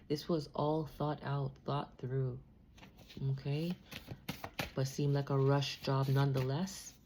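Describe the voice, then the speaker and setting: A woman with a low voice gives a tarot reading, repeating herself as she works through the cards. Her speech is emotional and intense. Clear background noise sits under her voice, along with the sound of cards being shuffled. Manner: emotional, repeats phrases, drifts into soft sung lines. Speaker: tarot reader.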